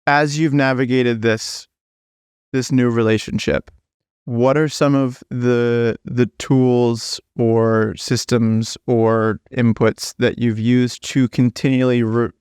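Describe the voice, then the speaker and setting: A man hosting a podcast, asking reflective, thoughtful questions in a measured way. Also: mid-range voice, flat delivery, darkish tone, clean tone, dry recording, clean studio sound. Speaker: podcast host. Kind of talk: interview questions.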